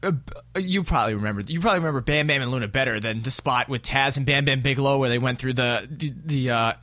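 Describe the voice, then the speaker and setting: A man hosts a relaxed podcast conversation, throwing questions to his co-hosts and moving them on to the next topic. His voice sits at an ordinary pitch and is recorded dry, with no room sound around it. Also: quick pace, dry recording. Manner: leads the talk, asks questions and steers topics. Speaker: podcast host. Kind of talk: casual wrestling podcast chat.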